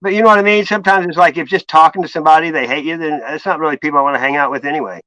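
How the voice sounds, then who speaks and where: Stream host, male, bright slightly high voice, loose profane storyteller, dry sound. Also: fairly even intonation, very fast, dry recording, rough recording. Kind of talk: casual chat.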